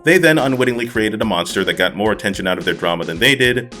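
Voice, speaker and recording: Blunt, fast-talking male commentator. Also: lowish voice, animated, bright, forceful tone, soft background music. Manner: blunt, scornful. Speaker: commentary host. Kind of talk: critical commentary.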